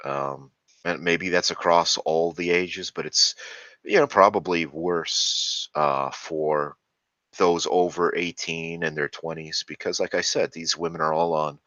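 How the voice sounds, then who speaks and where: Brief: very deep but bright-toned man ranting profanely in a casual monologue, dull lo-fi sound. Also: steady tone, unhurried, no room sound. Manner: profane, ranting, with frequent fillers. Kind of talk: rambling casual commentary.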